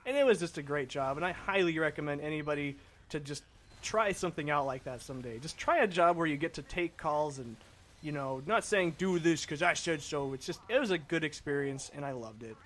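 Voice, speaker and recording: A young man with a fairly high voice talks through a casual gaming commentary. He rambles and drifts from one thought to the next in a loose, chatty way. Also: expressive, brisk, a bit bright. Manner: rambling, chatty, easily sidetracked.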